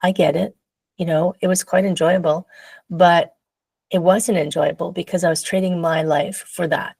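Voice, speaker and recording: A woman guest telling a personal story in a casual interview, animated and laughing often, acting out her own past voice. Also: on the low side, normal speed, gravelly, breathy edge, no room sound.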